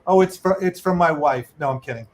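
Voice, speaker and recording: Middle-aged guy on a video call, jokey and chatty, kinda high voice, faint hiss behind. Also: brisk. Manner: chatty, jokey, reads donations aloud with asides. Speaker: medical correspondent co-hosting. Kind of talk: casual video call chat.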